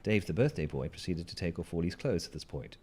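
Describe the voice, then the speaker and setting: A man's voice: deep voice, lively intonation, fast talker, a little mellow, slight background noise. A man telling a wry, rambling story to his stream, with asides to the listeners. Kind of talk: casual storytelling while gaming.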